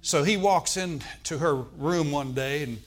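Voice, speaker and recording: Speaking in an unhurried, somewhat high voice, a pastor preaches a sermon through storytelling. He acts out the quoted voices and prompts the congregation to respond with amen.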